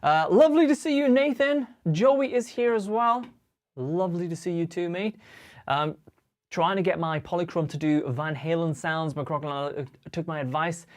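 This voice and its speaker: A man's voice: a little high, normal speed. A young man hosting a guitar livestream, chatting casually and cheerfully with viewers and reading out their comments. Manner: chatty and upbeat, greets viewers and reads chat aloud. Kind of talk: casual live-stream chat.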